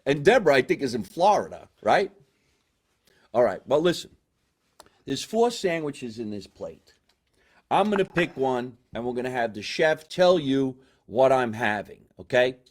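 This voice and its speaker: A man hosting a live comedy show from a basement, a loud, hammy showman who swings between big excitement and asides. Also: mid-range voice, normal speed. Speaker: podcast host.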